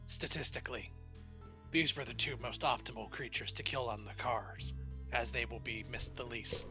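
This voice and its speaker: A man's voice: mid-range voice, moderate pace, faint music behind, pitched below the performer's own voice. Blunt literal robot, voiced by a man. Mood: matter-of-fact. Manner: flat, matter-of-fact statements.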